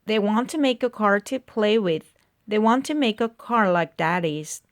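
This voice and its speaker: A woman reads a children's picture book aloud at a slow, careful pace, her voice rising and falling in a lively lilt. Now and then she trips on a word and corrects it. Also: mid-range voice. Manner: slow, careful read-aloud with small slips. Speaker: reader.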